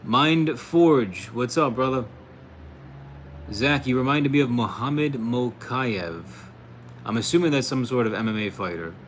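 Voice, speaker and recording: On a relaxed livestream, an American host with a medium-pitched, animated voice takes his time reading chat comments aloud. Laughter comes often, as do "bro" and "dude," against a faint hiss or hum.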